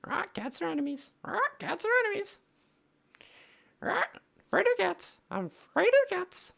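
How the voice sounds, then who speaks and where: A shrill, squawking pet parrot, chattering cheekily from its cage. The voice sits very high and loud, with a gravelly edge and wild swoops in pitch. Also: male voice, very animated, unhurried, exaggerated voice. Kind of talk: live-stream banter.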